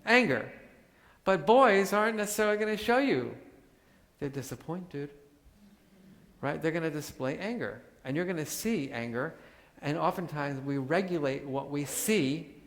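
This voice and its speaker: A man giving a live talk to an audience, animated and joking as he acts out examples. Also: a little high, moderate pace. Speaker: workshop speaker. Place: large hall with audience. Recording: hall reverb.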